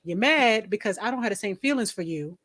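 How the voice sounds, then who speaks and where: A woman's voice: mid-range voice, expressive, fairly quick, a bit bright. A woman co-hosting a podcast, speaking in a blunt, emphatic and dismissive casual chat. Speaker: podcast co-host.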